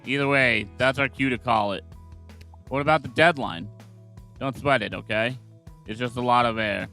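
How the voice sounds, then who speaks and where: A man's voice: mid-range voice, normal speed, pushed and bright, faint music behind. A man reading game dialogue aloud during a playthrough, shifting between character voices.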